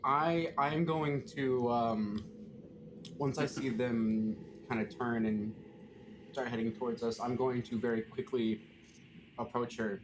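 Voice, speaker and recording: A man playing a tabletop game who states his actions deliberately, step by step. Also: mid-range voice, steady tone. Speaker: player. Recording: background noise.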